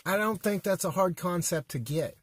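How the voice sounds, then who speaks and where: A man's voice: high-pitched, lively intonation, normal speed, husky, no echo. An American man giving an emphatic, folksy political monologue with blunt repetitions. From United States. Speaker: political commentator.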